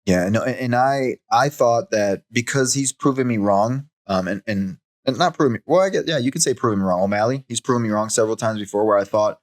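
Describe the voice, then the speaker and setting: Male co-host, casual fight talk, lively and laughing, mid register. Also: mid-range voice, a little fast, few pauses. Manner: animated, laughs often, repeats words. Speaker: podcast co-host. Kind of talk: casual fight recap chat.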